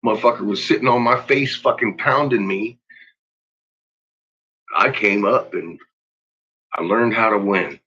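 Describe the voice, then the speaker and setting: A man's voice: fairly low pitch, measured pace, long pauses, bright, forceful tone, breathy edge. A man ranting casually into his vlog, swearing heavily and laughing often. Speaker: vlogger. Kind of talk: casual profane rant. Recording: dull lo-fi recording.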